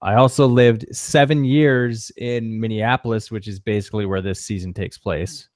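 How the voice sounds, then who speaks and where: A man's voice: fairly low pitch, steady tone, normal speed, darkish tone, no echo. A man from the Fargo area in North Dakota, co-hosting a casual podcast and joking in a dry way. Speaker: podcast co-host. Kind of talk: casual chat.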